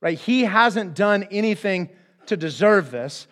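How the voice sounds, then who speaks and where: A man's voice: high-pitched, lively intonation, unhurried, fairly bright tone. A man preaching a conversational sermon as pastor, acting out the speakers in the Bible stories.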